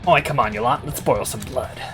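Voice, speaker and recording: A man reading a game aloud, voicing a sneering, rowdy dog-like troublemaker in a loud, taunting put-on voice. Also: mid-range voice, brisk, over music, natural voice.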